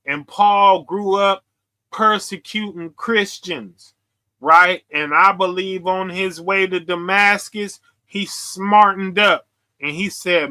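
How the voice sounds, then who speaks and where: A man preaching forcefully to his viewers, confrontational and full of slang. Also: high voice, slow. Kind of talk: street preaching livestream.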